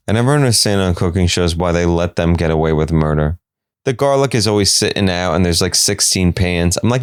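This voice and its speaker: A man hosting his own podcast, talking through a comedic solo monologue and jumping into high, silly voices whenever he quotes someone. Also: animated, brisk, smooth, dry recording, clean studio sound. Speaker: podcast host.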